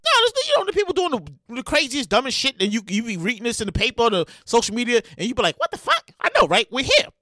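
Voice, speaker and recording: A woman hosting a comedic news podcast, talking in a loud, exasperated and animated way, swearing and repeating herself. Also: fairly high pitch, fast talker, hardly any pauses, no room sound. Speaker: podcast host.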